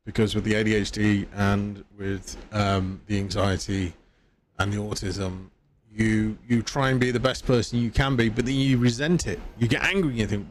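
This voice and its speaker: A man's voice: on the low side, steady tone, normal speed, slight background noise. A man streaming a video game live, chatting casually in a rambling way and laughing at himself. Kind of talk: casual live-stream chat while gaming.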